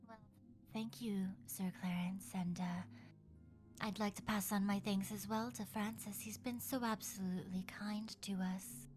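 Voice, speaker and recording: A woman's voice: fairly high pitch, unhurried, darkish tone, soft background music, close to an everyday voice. A woman as a courteous young adventurer.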